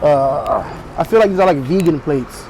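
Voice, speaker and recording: A man's voice: on the high side, animated, moderate pace. Blunt man reviewing food on a noisy street. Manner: blunt, opinionated, slangy. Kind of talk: casual food review vlog. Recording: noisy outdoor street sound.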